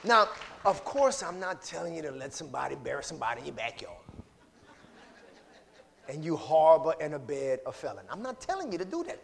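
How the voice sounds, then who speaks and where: Brief: male pastor, lively call-and-response sermon, high voice, long sanctuary reverb. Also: brisk, creaky. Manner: call-and-response preaching, swings from loud to hushed. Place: church sanctuary.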